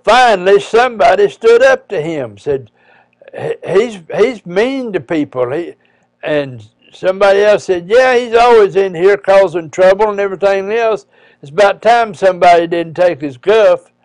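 A man, a preacher, telling a personal story in a folksy, halting way with frequent pauses and restarts. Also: high-pitched, no echo.

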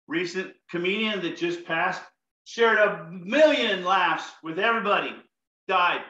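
A man leading a comedic laughter yoga session, his voice high, very bright and full of swoops as he jokes playfully with the audience. The recording sounds roomy and a bit dull. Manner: playful, upbeat, joking to the audience. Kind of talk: comedic exercise instruction.

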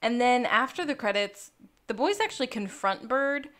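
A woman with a slightly high voice co-hosts a casual podcast. She chats through a TV episode recap in an animated way, breaking into giggles often. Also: normal speed. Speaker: podcast co-host.

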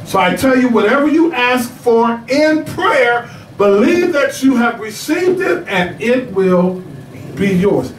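A man preaching a sermon, telling stories with animated shouts and laughter. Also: extremely high pitch, takes it slowly, roomy sound, recorded from a distance, slight background noise, poor audio. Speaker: pastor.

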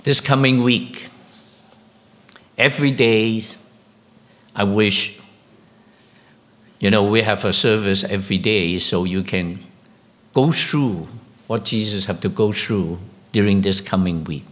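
Slow-speaking pastor preaching a sermon. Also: male voice. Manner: slow, halting delivery with questions to the congregation; rises sharply in pitch and volume when emphatic.

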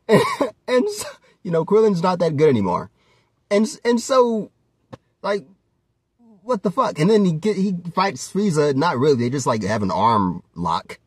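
A man with a somewhat high, husky voice rambles through a casual vlog commentary. His pitch swings widely as he goes, and he laughs and curses freely along the way. The sound is dry and close. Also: dry recording. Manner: animated, laughs often, swears freely. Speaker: vlogger.

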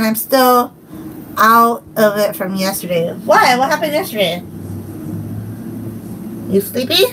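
Giggly slow-talking woman. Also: on the high side, expressive, fairly bright tone, a little hiss or hum, poor audio. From Hawaii. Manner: giggly, scattered, playful. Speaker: livestream host. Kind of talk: casual livestream chat.

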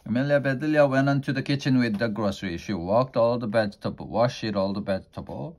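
A man reading a children's storybook aloud in a plain, unhurried way, slowing down for effect. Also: medium pitch, darkish tone. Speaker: storybook reader.

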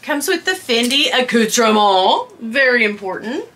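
Bubbly, animated woman gushing to camera. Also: a little high, a little slow. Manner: gushing, chatty, squeals with excitement. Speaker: vlogger unboxing a handbag. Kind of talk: casual chat to camera.

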